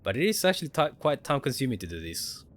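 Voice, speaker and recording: Gaming streamer, male, lively up-and-down delivery, explains mechanics as he plays, faint noise underneath. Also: medium pitch, fast talker. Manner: thinks aloud, explains mechanics to viewers. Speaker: gaming livestreamer. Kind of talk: casual gameplay commentary.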